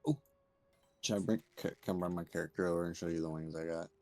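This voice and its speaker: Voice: low voice, steady tone, fast, darkish tone, dry recording, faint music behind. A joking, easygoing gaming friend chatting casually. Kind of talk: casual chat.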